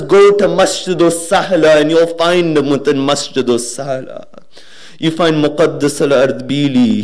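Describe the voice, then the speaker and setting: Brief: earnest male preacher, slightly high voice, storytelling sermon that sinks soft and low at solemn moments. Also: low-quality recording. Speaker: speaker at a religious gathering.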